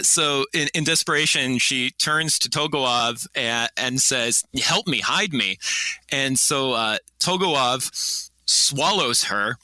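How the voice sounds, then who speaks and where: A man, a guest archaeologist, telling a story in a podcast interview, halting with many fillers and restarts. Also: mid-range voice, pushed and bright, dry recording.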